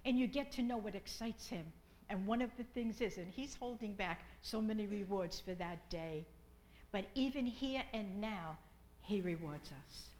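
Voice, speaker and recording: A middle-aged woman preaching a sermon with fervent repetition, at times dropping to a soft whisper in prayer. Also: mid-range voice, moderate pace, low-quality recording.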